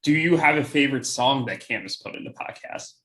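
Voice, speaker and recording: Young male podcast co-host, mid-pitched, loose and chatty, laughs a lot, lots of ums. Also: animated, a little fast, pushed and bright. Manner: laughing often, many fillers. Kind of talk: casual chat.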